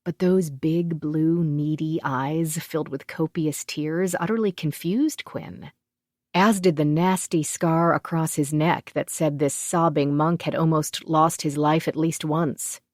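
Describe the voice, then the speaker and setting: A woman narrating a fantasy audiobook in an even, measured storytelling manner. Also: deep voice, no room sound, clean studio sound. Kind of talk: scripted narration.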